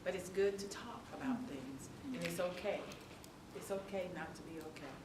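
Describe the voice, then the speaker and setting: A woman's voice: on the low side, animated, moderate pace. Older woman in echoey hall. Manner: earnest, reflective, repeats key phrases. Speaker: grandmother attending event. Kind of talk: sharing at a community forum. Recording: echoey room, distant mic, background noise.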